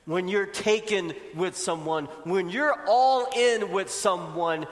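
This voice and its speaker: A male pastor preaching a sermon with emphatic delivery, surging fast and then slowing down softly. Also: high voice. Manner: emphatic preacher, swings from fast bursts to slow soft lines. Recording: long reverb of a large hall.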